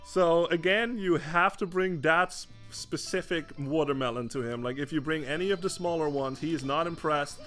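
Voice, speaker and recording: A man's voice: fairly high pitch, moderate pace, few pauses, fairly bright tone, soft background music. A young man from the Netherlands chatting casually over gameplay, swearing often and restarting his sentences in exasperation. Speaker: gaming streamer.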